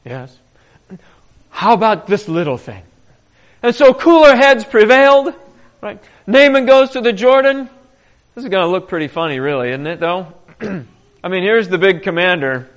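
A man preaching in a conversational way, telling stories with animation and often clearing his throat. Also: high voice, normal speed. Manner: animated storytelling. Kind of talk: conversational Bible teaching.

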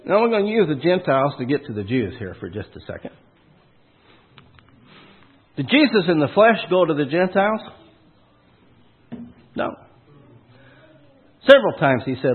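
A man's voice: a little high, big pitch swings, normal speed, pauses often, slightly rough. A man preaching a sermon in a folksy, punchy way, asking the listeners questions and hitting key words hard. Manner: folksy, punchy preaching with rhetorical questions and sudden loud emphasis. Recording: tinny phone-like sound.

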